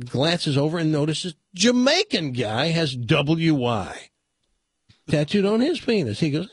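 A man's voice: on the high side, sing-song, slow pace, breathy edge, no room sound. A man hosting a radio talk show, giving a blunt, folksy opinion and telling jokes in a studio. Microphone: studio mic.

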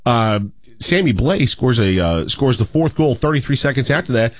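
A man's voice: mid-range voice, expressive, normal speed, no room sound, lo-fi sound. A man hosting a sports radio show, talking about hockey in a chatty, rambling way. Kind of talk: casual sports radio chat.

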